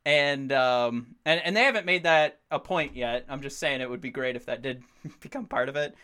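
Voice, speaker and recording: A man in his thirties co-hosting a podcast in casual chat, excitable and rambling, swearing freely as he talks. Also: medium pitch, moderate pace, smooth. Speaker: podcast co-host.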